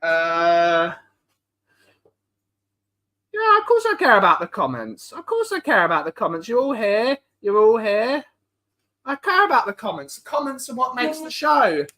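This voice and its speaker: A man's voice: high voice, wildly swooping pitch, normal speed, bright, forceful tone. A man hosting a casual live-stream chat from home, greeting viewers in the chat one by one. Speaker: livestream host.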